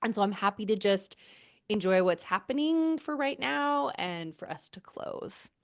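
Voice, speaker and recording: A woman in her thirties hosts her own podcast and tells a personal story in a candid, reflective way. She keeps an unhurried pace and leaves her fillers in. Her voice sits at a medium pitch and comes through a somewhat muffled, lo-fi recording. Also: lively intonation. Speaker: podcast host.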